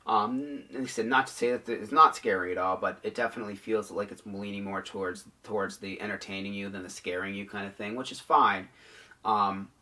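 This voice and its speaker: A man's voice: on the low side, fairly even intonation, fairly quick, sharp tone, recorded from a distance. A man casually reviewing a haunted attraction, rambling with many ums and restarts.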